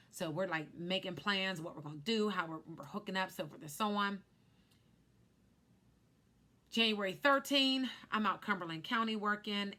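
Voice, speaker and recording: A woman in her thirties tells a personal story on a vlog, animated and lively, acting out what people said. Her voice is bright and forward, with a clear, ringing edge. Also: fairly low pitch. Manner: animated storyteller who acts out quotes. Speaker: life insurance agent.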